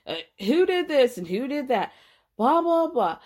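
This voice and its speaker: A woman with a slightly high voice talks through a reality-show recap in a blunt, sarcastic way. She swears freely and sounds exasperated. It is casual podcast chatter. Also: very animated, a little slow, a little mellow. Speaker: podcast host.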